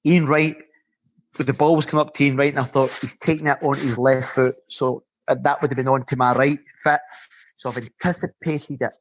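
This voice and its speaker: A Scottish man in his fifties, a former footballer and podcast guest, telling lively rambling stories and swearing freely. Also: medium pitch, a little fast. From Scotland. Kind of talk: casual anecdotal storytelling.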